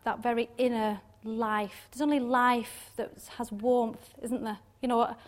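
A woman giving an informal devotional talk on scripture, chatty and quick to laugh, often ending points with little questions. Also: a little high, fairly even intonation. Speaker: Bible teacher.

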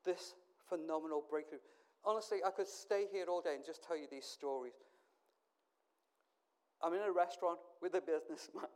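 A man's voice: on the high side, moderate pace, clean tone. A man, a pastor, telling stories in a sermon. He acts out the dialogue and drops in self-mocking asides. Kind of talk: storytelling sermon.

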